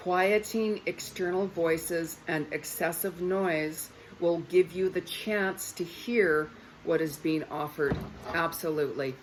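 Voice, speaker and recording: A woman's voice: fairly low pitch, a little hiss or hum, poor audio. A woman in a casual spiritual talk to her viewers, chatty and repetitive, often saying okay. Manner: chatty, repeats herself, says okay often. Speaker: psychic reader.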